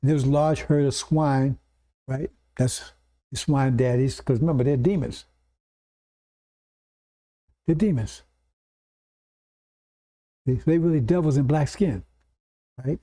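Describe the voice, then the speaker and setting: A man preaching a scripture lesson to a congregation, explaining point by point and often checking in with quick "see?" and "right?" asides. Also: medium pitch, mellow. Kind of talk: sermon lecture to congregation.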